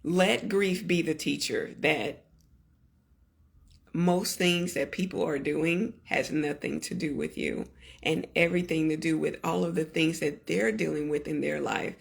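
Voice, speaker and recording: A woman hosting a podcast, talking earnestly to her listeners and gently coaching them in slow, deliberate phrases. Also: low voice, gravelly. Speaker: podcast host. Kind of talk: reflective solo podcast talk.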